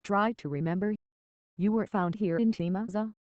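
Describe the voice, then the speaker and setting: A gentle female nurse in a storybook, put on by the reader coaxes a frightened child softly. The recording is dull and lo-fi, with a dry sound. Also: mid-range voice, moderate pace, no room sound, voice pushed up, lightly acted. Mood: coaxing. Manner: soft, coaxing.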